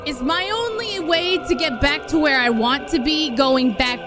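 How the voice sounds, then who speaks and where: In an unhurried, high-pitched voice, a female streamer gives live commentary to her chat as she plays, with game music in the background. She's chatty and expressive, sometimes gushing and sometimes grumbling.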